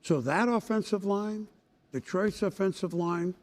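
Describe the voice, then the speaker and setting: A man hosting a sports studio show, chatting about the week's games and leading into the highlights. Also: unhurried. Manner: conversational, leads the segment and throws to highlights. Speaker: studio host.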